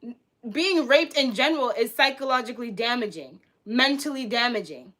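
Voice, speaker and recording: A woman's voice: on the high side, lively intonation, normal speed, fairly bright tone. Heated, profane young woman streamer. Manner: heated, profane, repeats herself. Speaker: livestreamer. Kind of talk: casual live-stream reaction rant.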